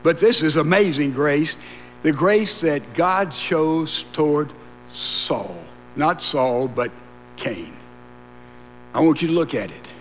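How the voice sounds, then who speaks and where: A man's voice: sits high, a bit bright. A man preaching a sermon, emphatic and repetitive, with asides to the congregation. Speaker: pastor. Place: church sanctuary. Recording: long reverb and mains hum in a church.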